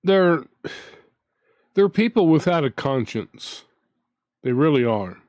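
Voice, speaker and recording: A man's voice: on the high side, big pitch swings, slow, a little mellow, no room sound. A man hosting his own channel, ranting in a casual, indignant way, with frequent restarts as he talks. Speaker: commentary channel host.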